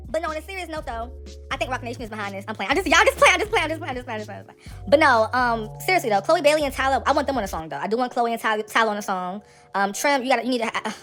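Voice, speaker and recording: A woman hosting casual celebrity gossip commentary, sassy, slangy and animated. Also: sits high.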